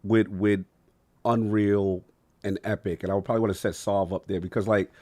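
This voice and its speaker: A man's voice: fairly low pitch, steady tone, moderate pace, darkish tone. A man hosting a gaming podcast, chatting in an enthusiastic, slangy way. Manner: slangy and hyped, says bro and fire. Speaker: podcast host. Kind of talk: casual interview chat.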